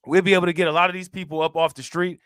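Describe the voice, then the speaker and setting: A male host chatting through crime news in loose, slangy talk, laughing often and shouting out his viewers. His voice is sharp and bright. The sound is close and dry, with no room around it. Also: high-pitched, level tone, rapid-fire, smooth, no echo. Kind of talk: casual reaction commentary.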